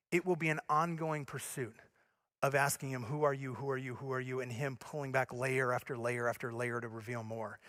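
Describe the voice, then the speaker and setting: A male pastor from Michigan preaching a sermon, earnest and direct, swinging between emphatic points and soft, low passages. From Michigan, USA.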